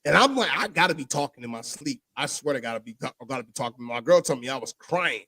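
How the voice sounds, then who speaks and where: A man's voice: medium pitch, fast, breathy edge, no room sound, clean studio sound. A man telling a personal story in a casual podcast chat, acting out the voices of others and dropping to a near whisper at emotional moments. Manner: animated, acts out voices in his story, drops to a near whisper for emotional parts.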